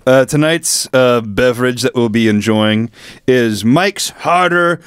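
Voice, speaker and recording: A man's voice: medium pitch, a little slow, clean tone, no echo. A man co-hosting a comedy podcast, throwing in dry joking remarks in casual banter. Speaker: podcast co-host.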